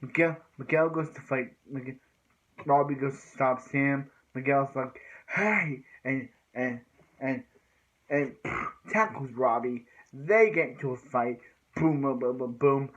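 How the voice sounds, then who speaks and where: A man's voice: medium pitch, a little slow, fairly bright tone, muffled recording. A man casually recapping TV fight scenes, rambling with filler words and sound effects. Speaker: show recap vlogger.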